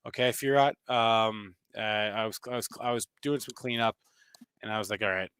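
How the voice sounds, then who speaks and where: A man co-hosting a live market show, chatting casually and playfully with lots of halting restarts. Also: fairly low pitch, fairly even intonation, a bit bright, smooth, no room sound. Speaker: co-host reading the chat.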